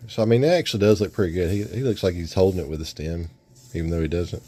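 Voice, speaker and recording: A man casually reviewing an action figure, rambling in a relaxed way with frequent restarts. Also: low-pitched, fast talker, slightly rough. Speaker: toy reviewer.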